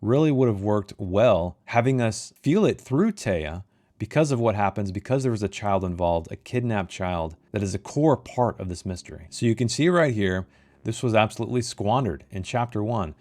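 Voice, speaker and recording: A man's voice: fairly low pitch, expressive, normal speed, darkish tone. A man reviewing a novel in a critical monologue, emphatic and fond of repeating key phrases for effect. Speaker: book reviewer.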